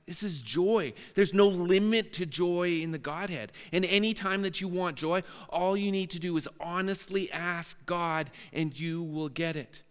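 A man's voice: a little high, a bit bright, clean tone, big-room sound. A man preaching a sermon as pastor, earnest and prone to repeating words as he restarts phrases.

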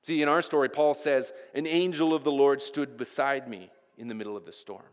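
A man's voice: mid-range voice, fairly quick, in a large hall. A pastor preaching a sermon, earnest, often repeating the first word of a phrase as he goes.

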